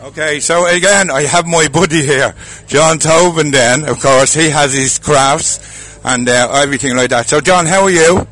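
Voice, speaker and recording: Bright-voiced chatty Irish man. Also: on the high side, normal speed, hardly any pauses, faint music behind. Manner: chatty, jokey, laughs often. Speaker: roving host at a festival. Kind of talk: casual walkabout interviews.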